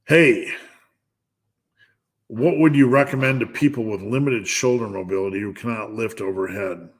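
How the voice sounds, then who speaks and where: A middle-aged strength coach with a fairly low voice hosts a live Q&A stream at a moderate pace. He reads out viewers' questions and answers with blunt, joking lifting advice in a coach-like way, restarting frequently.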